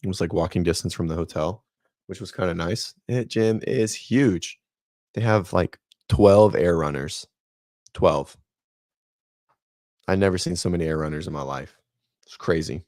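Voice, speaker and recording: A man's voice: low voice, moderate pace, pauses often, a little mellow, no echo, clean studio sound. A man in his thirties, a fitness coach and host, chatting casually on a livestream in a rambling, laid-back way and talking to viewers by name.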